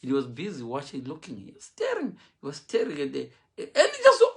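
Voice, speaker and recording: A man's voice: high-pitched, fast talker, hardly any pauses. A man preaching a humorous sermon, mixing English and Shona and acting out the people he quotes. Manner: animated, mixes English and Shona, acts out quotes.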